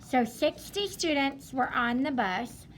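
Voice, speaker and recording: A woman's voice: sits high, animated, slow pace, slight background noise. A woman teacher leading a math lesson in a classroom, upbeat and repeating her students' answers back to them.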